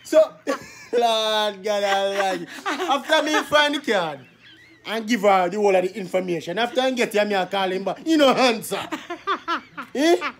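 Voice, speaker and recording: A man's voice: high voice, lively intonation, normal speed, a bit bright, slight background noise. A man, telling a story in casual chat with lots of laughter.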